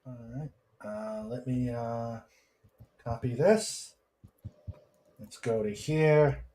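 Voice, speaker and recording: Slow-talking man hosting a livestream. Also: mid-range voice, dark tone, slight background noise. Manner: reads chat comments aloud, hesitant with many fillers. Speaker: host. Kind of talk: casual livestream chat.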